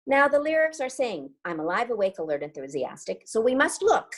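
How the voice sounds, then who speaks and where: A middle-aged woman leading a sing-along warm-up as choir leader, upbeat and coaching, with crisp diction. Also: medium pitch, big pitch swings, normal speed.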